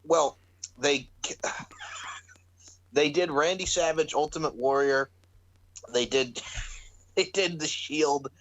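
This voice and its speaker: A man hosting a wrestling podcast in animated, profane, casual chat, laughing often as he talks. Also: fairly high pitch, slow pace, pauses often, low-quality recording. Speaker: podcast host.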